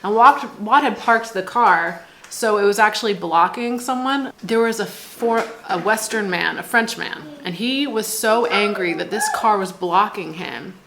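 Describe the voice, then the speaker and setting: A woman's voice: medium pitch, measured pace, few pauses, pushed and bright, slight background noise. An American woman in her thirties vlogging at home, telling stories in a chatty way, laughing often and filling her talk with "like". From United States. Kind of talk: casual vlog storytelling.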